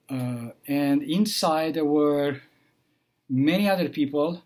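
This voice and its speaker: Man telling a story with halting pauses. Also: a little high. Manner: halting, with many pauses and fillers. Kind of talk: personal storytelling.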